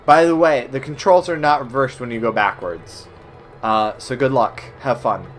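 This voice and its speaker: A young man streams old browser games from his home setup, talking to chat in loose, profane banter. He keeps a mid-range voice and drops jokes between sudden loud yells. A faint hum sits behind him. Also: medium pitch, moderate pace. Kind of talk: casual gameplay commentary.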